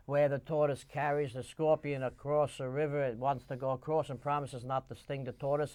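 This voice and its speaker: A man's voice: a little high, a little mellow. Long-winded male interview host. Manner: long-winded, retells stories at length before asking. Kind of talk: conversational interview.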